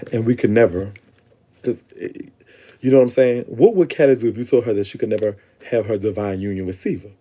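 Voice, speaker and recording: A vlogger from Louisiana, this young man has a warm, lowish voice and a brisk delivery. He talks casually to his audience, swearing and laughing along the way. The recording is close-miked on a phone or webcam.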